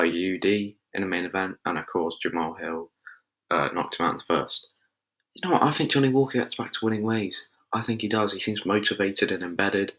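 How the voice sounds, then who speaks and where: A man's voice: deep voice, fairly bright tone. A man hosting a casual show, giving fight predictions in a chatty, think-aloud way with loose slang. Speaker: MMA show host.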